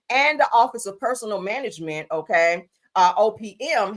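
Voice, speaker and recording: A woman hosting a livestream, giving sassy, animated commentary on news and gossip, swearing freely and calling listeners honey. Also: medium pitch. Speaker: livestream host.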